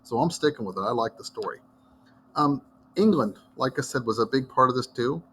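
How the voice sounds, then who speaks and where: A man's voice: medium pitch, expressive, brisk, fairly bright tone, a little hiss or hum. A middle-aged man from Iowa giving a casual history lesson, telling stories in a folksy, wandering way. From Iowa, United States. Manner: folksy, digressive storyteller. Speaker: history teacher. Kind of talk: casual classroom lecture.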